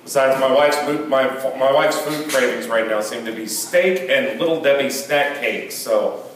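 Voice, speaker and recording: A man's voice: mid-range voice, normal speed, slight background noise. A young man doing a stand-up comedy set, telling stories and acting out the people in them. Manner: animated storytelling, acting out quoted people. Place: comedy venue. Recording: roomy echo from a distance.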